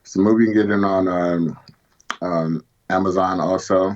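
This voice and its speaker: Deep-voiced man, laid-back and rambling. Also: steady tone, normal speed, darkish tone. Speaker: guest, retired pro bodybuilder. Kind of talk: casual interview chat. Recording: dull lo-fi call audio.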